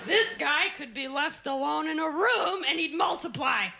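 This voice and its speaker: On stage, a woman with a high, gravelly voice runs a stand-up comedy routine, brashly insulting the crowd. It's a live show, so audience laughter and noise come through.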